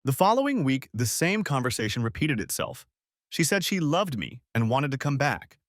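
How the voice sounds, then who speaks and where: A man narrating a first-person story in a steady audiobook style. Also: medium pitch, normal speed, dry recording, studio quality.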